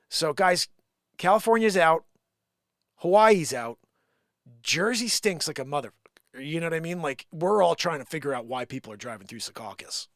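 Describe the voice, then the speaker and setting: Sarcastic high-pitched comedy host. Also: male voice, lively intonation, moderate pace, fairly bright tone, no room sound, clean studio sound. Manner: sarcastic, mocking asides. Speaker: comedy live-stream host. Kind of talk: comic rant reading an article aloud.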